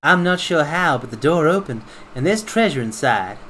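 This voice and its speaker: A man's voice: a little high, lively intonation, moderate pace, pushed and bright, a little hiss or hum. A man putting on a cheerful young sky-pirate girl. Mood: hopeful. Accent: faint put-on American Southern.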